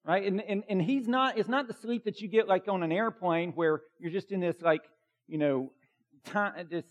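A man's voice: high-pitched, moderate pace, highs cut off. A man preaching a sermon as a pastor, emphatic and conversational, with many fillers.

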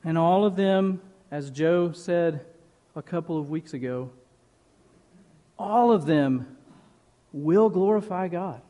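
A man preaching a sermon as pastor, slow and emphatic, leaning on repeated phrases. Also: a little high, mellow. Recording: long reverb of a large hall.

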